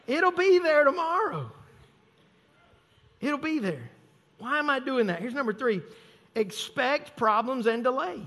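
A man's voice: very high voice, bright, forceful tone. A male pastor preaching a sermon in a conversational, self-mocking way, acting out little everyday scenes. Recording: long hall reverb.

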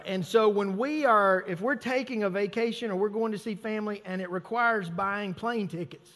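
Male pastor, high voice, casual sermon full of acted asides, big reverberant room. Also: pushed and bright. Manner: conversational, self-mocking preaching with acted asides. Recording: long hall reverb.

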